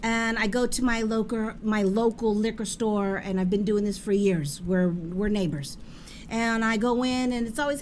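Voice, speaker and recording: A woman hosting a casual talk show, telling stories in a lively way with frequent laughter. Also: mid-range voice, moderate pace, slight background noise. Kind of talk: casual chat.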